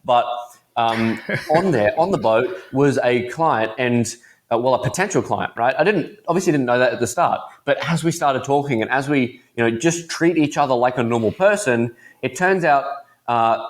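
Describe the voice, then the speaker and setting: A teenage man with an Australian accent talks as a podcast guest. He tells stories in a relaxed, chatty, easygoing way. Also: mid-range voice, moderate pace. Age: teens. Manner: laid-back, chatty storyteller. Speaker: guest entrepreneur. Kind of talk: casual podcast interview.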